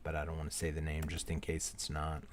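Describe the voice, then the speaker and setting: A man's voice: extremely low pitch, monotone, quick pace, slight background noise. A man hosting a live-stream giveaway, calling out names one by one and apologizing to each in a casual, friendly way. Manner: apologetic, repeating "so sorry, my friend" to each name; swings between loud call-outs and quiet asides. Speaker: livestream host running a giveaway.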